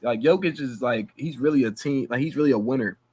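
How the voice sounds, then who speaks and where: A man co-hosting a basketball podcast, talking in animated casual slang and laughing often. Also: mid-range voice, fast talker, husky. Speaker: podcast co-host. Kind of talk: casual sports chat.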